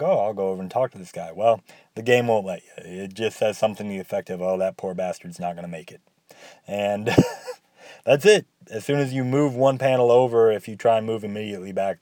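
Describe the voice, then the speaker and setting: A man's voice: lowish voice, mellow, no room sound. A man giving casual, rambling commentary on a video game, with wry, sarcastic asides. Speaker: game reviewer.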